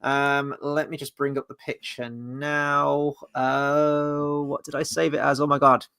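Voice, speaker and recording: Man, host of a casual review chat, animated, rambling, fairly high voice. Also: measured pace, gravelly, clean tone. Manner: animated, rambling, swears freely.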